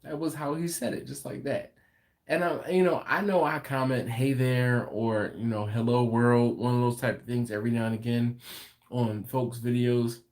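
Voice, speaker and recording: A man's voice: mid-range voice, fairly even intonation, moderate pace, a little mellow. A man hosting a late-night live stream from home, chatting casually and reading viewer comments aloud with an easygoing laugh. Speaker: host of a barbecue channel livestream.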